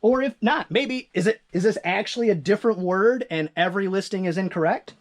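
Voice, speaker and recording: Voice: mid-range voice, animated, fast talker, few pauses. Chatty ebay flipper from northern michigan, rambles and pokes fun at self, walking around home shelves. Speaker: eBay reseller vlogger. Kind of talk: casual vlog. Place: home storage room with shelves.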